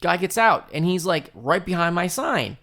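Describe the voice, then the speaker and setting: A man hosting a podcast, telling a story in a casual, profane, animated way and laughing often. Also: sits high, moderate pace. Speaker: podcast host.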